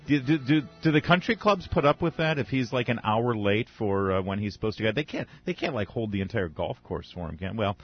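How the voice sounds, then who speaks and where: A man's voice: lowish voice, a little fast, hardly any pauses, faint music behind. Sarcastic male talk radio host. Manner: sarcastic, mocking, animated. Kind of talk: political talk radio commentary. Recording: dull radio broadcast sound.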